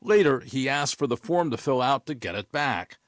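A man reporting as an investigations correspondent, reading a scripted news report in a measured, even way. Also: medium pitch, no room sound. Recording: dry studio voice.

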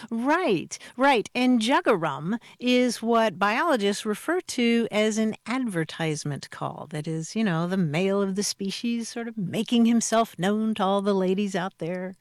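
A woman's voice: medium pitch, lively intonation, measured pace, few pauses, no room sound, studio quality. Woman co-host relating a listener story. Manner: relates listener stories and reads verse aloud. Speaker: radio show co-host. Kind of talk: call-in radio chat.

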